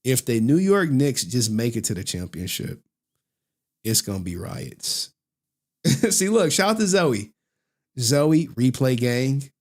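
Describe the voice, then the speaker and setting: A man's voice: mid-range voice, sing-song, slow pace, pauses often. Laid-back, profane streamer guy. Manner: loose, profane, laughs often, slangy. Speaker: streamer and channel host. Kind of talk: casual livestream chat.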